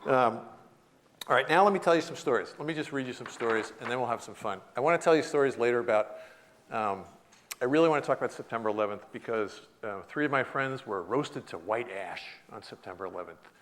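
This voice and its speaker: An American man giving a storytelling lecture in a hall, animated, laughing often and shouting out quoted lines. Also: medium pitch, fast. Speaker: guest lecturer.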